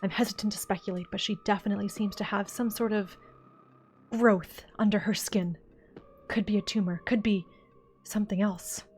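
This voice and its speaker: A woman voicing a calm, cautious young investigator who speaks quietly and measuredly. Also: medium pitch, moderate pace, soft background music, voice pushed down, natural voice. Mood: hushed.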